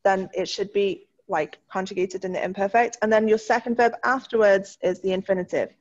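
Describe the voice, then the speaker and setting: A woman teaching a French class online, encouraging her students and slowing down to model the French words. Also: medium pitch, steady tone, dull audio. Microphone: video call.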